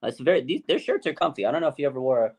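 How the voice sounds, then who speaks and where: A man hosting a casual sports chat, telling stories in an excitable, emphatic way. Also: mid-range voice, racing, husky. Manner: excitable storyteller, animated and emphatic. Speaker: podcast host.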